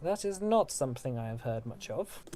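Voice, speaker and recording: A courtly middle-aged elf lord greets his guests with formal, welcoming phrasing, as a man acts him out. He is a stately host in a tabletop fantasy campaign. The voice sits at an ordinary middle pitch. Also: sing-song, moderate pace, dark tone, faint music behind, close to an everyday voice. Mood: courteous.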